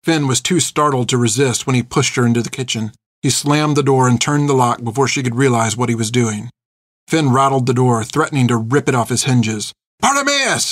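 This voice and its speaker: A man reads a story aloud in a steady, measured voice of middle pitch. The recording is close and dry, with no room sound. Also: no echo. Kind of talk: audiobook narration.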